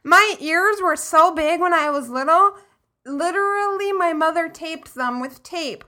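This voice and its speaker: A woman with a high, bright voice banters in a relaxed chat with friends. She is playful and giggles easily. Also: measured pace. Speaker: podcast co-host. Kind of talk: casual chat among friends.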